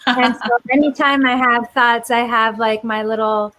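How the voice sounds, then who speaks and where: A woman's voice: a little high, steady tone, normal speed, bright, forceful tone, low-quality recording. A woman talking as a guest in a casual chat, candid and playful. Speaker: guest in conversation.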